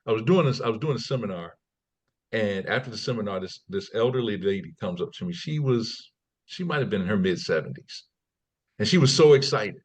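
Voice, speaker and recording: Animated man telling stories. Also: on the low side, a little fast, slight background noise. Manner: animated storyteller, acts out quotes in raised voices; repeats and restarts words, folksy asides. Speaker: guest, trading company CEO. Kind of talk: conversational interview.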